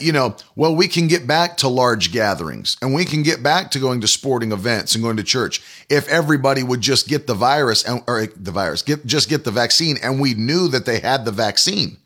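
A man's voice: medium pitch, fairly bright tone. A man hosting a prophecy broadcast, speaking to listeners in an indignant, rambling way, repeating himself with many fillers. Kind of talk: spoken commentary to listeners.

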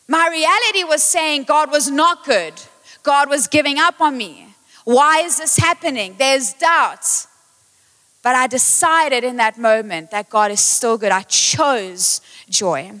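A woman preaching a lively live sermon in a church, excitable, playful and self-mocking, speaking on a handheld microphone. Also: high voice, takes it slowly. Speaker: worship leader preaching. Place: church auditorium, live service. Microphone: handheld mic. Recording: long reverb of a church hall.

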